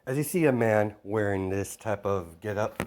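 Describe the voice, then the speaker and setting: A man's voice: lowish voice, moderate pace, darkish tone. A man casually retelling a fan-made story, rambling with many fillers and restarts. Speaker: narrator.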